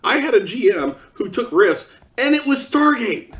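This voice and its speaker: A man's voice: high-pitched, big pitch swings, moderate pace, hardly any pauses, a bit bright, distant mic. A man delivering an exasperated, sarcastic ranting monologue as a vlogger.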